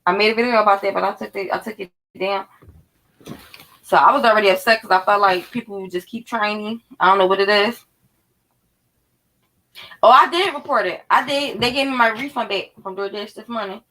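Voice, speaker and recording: Philly woman in her 30s ranting to her viewers, lots of cussing, super animated. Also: medium pitch, fairly quick, poor audio. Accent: Philadelphia. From North Philadelphia. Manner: animated, profane, talks straight to viewers. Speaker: vlogger. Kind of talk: casual storytelling to viewers.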